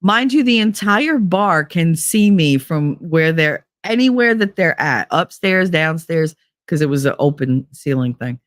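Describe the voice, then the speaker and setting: A woman hosting a podcast, telling a bawdy story in a casual, animated, profane way and acting out what others said. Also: low voice, a little slow, no room sound, studio quality. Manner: profane, animated, acts out quoted dialogue. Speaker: podcast host.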